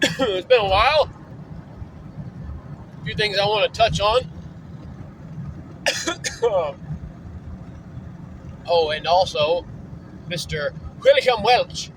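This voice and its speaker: A man's voice: sits high, very slow, long pauses, a bit bright, a little hiss or hum, rough recording. A man vlogging casually while driving, loose and profane, trailing off with fillers. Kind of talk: casual rambling vlog. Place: in a moving vehicle on an early morning drive.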